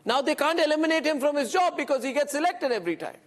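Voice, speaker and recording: A man anchoring a heated TV debate, forceful and incredulous, cutting in on guests. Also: very high-pitched, lively intonation, fast talker, big-room sound.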